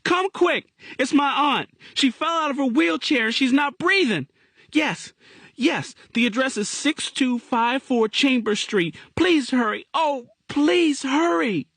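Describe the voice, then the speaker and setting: Man doing a frightened young boy, high urgent voice, wide swooping pitch, dry close sound. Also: expressive, moderate pace, few pauses, fairly bright tone, dry recording. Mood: panicked.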